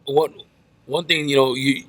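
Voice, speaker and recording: Bright-voiced pastor telling stories animatedly. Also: male voice, medium pitch, a little slow. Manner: animated storyteller, repeats words, says "man" often. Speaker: pastor, podcast guest. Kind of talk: casual chat.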